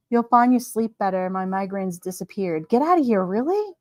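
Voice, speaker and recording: A woman's voice: medium pitch, moderate pace, no room sound. A chatty woman hosts a casual livestream and talks back to viewer comments. She laughs easily and fills her talk with "like" and "you know." Her voice sits mid-range and is recorded dry and close. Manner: chatty and animated, laughs often, many "like"s. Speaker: livestream host. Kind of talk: casual chat reading live comments.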